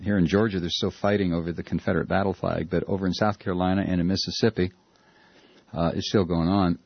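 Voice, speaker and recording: A man hosts a talk radio show and reads listener mail aloud. His voice is low and husky, full of uh's and restarts. The sound is muffled and dry, like an old broadcast. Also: flat delivery, fast, dry recording. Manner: hesitant, many uh fillers and restarts. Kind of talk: casual radio talk, reading listener emails.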